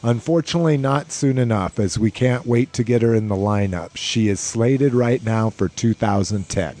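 A man's voice: mid-range voice, normal speed, mellow. A man hosting a casual podcast, reading listener questions aloud and chuckling often in an easygoing way. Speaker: podcast host.

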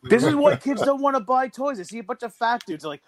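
A man's voice: very high-pitched, animated, fast. A man on a casual podcast making sarcastic jokes. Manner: sarcastic joker. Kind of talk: casual chat.

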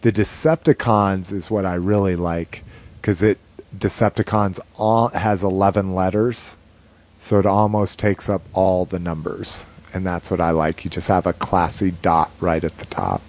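A man co-hosting a casual podcast, talking in a relaxed, rambling way with lots of fillers and some swearing. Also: low voice, normal speed. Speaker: podcast co-host.

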